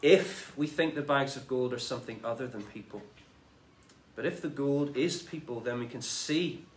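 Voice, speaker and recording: A man preaching a sermon in a conversational, animated way, retelling scripture in everyday speech. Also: mid-range voice, normal speed, reverberant, a little hiss or hum. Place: church.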